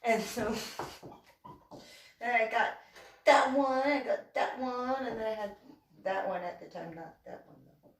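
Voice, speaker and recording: A woman's voice: a little high, a little slow, long pauses. A woman chatting casually as host, playful and teasing, laughing often. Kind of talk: casual chat. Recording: roomy echo, far from mic.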